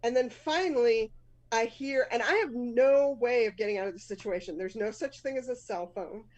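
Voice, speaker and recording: A woman's voice: a little high, normal speed, a little mellow, rough recording. A woman in her fifties with a Boston accent, hosting a live storytelling show, telling a personal story candidly and laughing often at herself.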